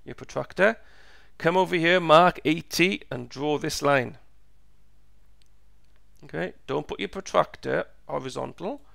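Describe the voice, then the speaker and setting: Guy with a croaky, hoarse voice walking through a physics problem real slow, dry close sound. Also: a little high, a bit bright, dry recording. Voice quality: gravelly, croaky. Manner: slow, patient, repeats steps. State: voice going hoarse. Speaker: teacher. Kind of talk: step-by-step physics lesson.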